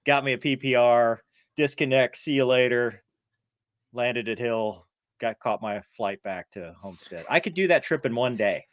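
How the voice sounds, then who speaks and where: A man's voice: mid-range voice, normal speed, dry recording, muffled recording. A middle-aged man co-hosting a podcast, telling a flying story and acting out the radio calls. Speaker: podcast co-host, former fighter pilot. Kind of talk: casual storytelling chat.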